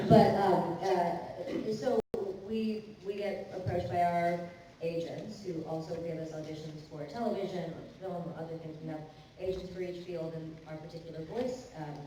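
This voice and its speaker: Playful woman in a booming hall. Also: a little slow. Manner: joking and playful. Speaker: voice actor panel guest. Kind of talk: conversational panel answer. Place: large convention hall. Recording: echoey hall, far mic, background noise.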